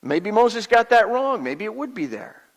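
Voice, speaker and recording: A male pastor playing a humble, wary Israelite father in a first-person monologue, confiding and plainspoken with halting repeats. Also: sits high, sing-song. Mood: reflective. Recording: long hall reverb.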